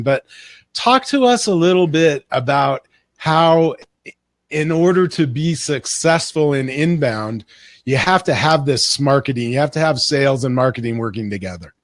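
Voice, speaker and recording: A man interviewing guests in a livestream, asking questions in a relaxed way with small restarts. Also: medium pitch, a little slow, no room sound. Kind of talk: casual interview.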